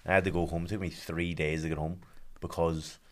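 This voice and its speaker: Man, belfast accent, very deep voice, blunt sweary casual chat. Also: flat delivery, quick pace. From Northern Ireland. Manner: blunt, sweary, self-mocking. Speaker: podcast guest, boxer.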